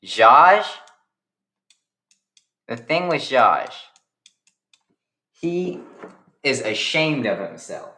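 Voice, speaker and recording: A man's voice: medium pitch, sing-song, very slow, long pauses, sharp tone, roomy sound. A young man improvising a retelling of his own character story, rambling eagerly and restarting his explanations. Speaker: storyteller, series creator.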